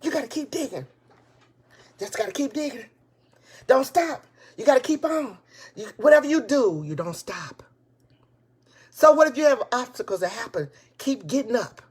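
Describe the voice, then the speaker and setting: A woman giving a live motivational talk to her viewers, excited and preachy, repeating her points and speaking in casual, folksy grammar. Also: on the high side, normal speed, pauses often, slightly rough. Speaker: motivational speaker and business coach. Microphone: tablet device.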